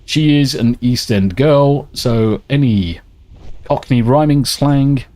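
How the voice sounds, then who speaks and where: A man's voice: medium pitch, slow, dark tone. Swearing man streaming a game. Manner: swearing, rambling and chatty, reads out viewer messages. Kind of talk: casual gameplay chat.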